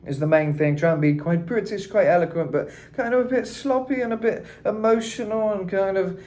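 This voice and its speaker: A man's voice: sits high, brisk, hardly any pauses, darkish tone. A man teaching singing in a loose, rambling way, full of "you know" and "kind of". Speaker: vocal coach. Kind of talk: casual singing tutorial.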